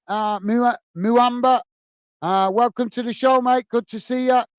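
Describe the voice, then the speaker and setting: A man's voice: extremely high pitch, fairly even intonation, measured pace, clear, resonant tone, dry recording. A man hosting a live football watch-along, reading viewers' chat messages aloud and chatting back casually. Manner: reads viewer comments aloud, friendly and chatty. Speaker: livestream host reading chat.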